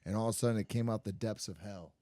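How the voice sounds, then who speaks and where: A man co-hosting a podcast, chatting casually, excitable and swearing freely. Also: fairly low pitch, racing. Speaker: podcast co-host. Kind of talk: casual chat.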